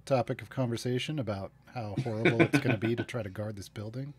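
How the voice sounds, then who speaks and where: A man's voice: mid-range voice, fast, crowd noise. A man playing a tabletop game who talks through plans in a dry, practical way. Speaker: player. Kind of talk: casual tabletop play.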